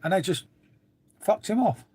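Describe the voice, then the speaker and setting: A man's voice: sits high, expressive, moderate pace, a little mellow, breathy edge. A middle-aged man chatting casually to viewers on a live stream, swearing freely and trailing off into asides. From England. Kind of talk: rambling casual chat to viewers.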